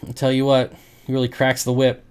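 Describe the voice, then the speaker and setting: A man's voice: mid-range voice, completely flat delivery, brisk, darkish tone, smooth. A man who sells aquarium fish, chatting casually on his livestream, joking and laughing often. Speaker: aquarium fish seller and streamer.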